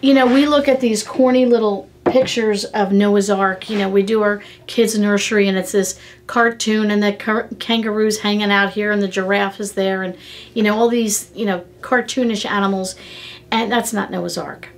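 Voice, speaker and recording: Middle-aged woman doing a devotional podcast, earnest and chatty, gets animated telling stories. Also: medium pitch, normal speed. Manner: earnest, animated storytelling with emotional emphasis. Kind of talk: conversational devotional teaching.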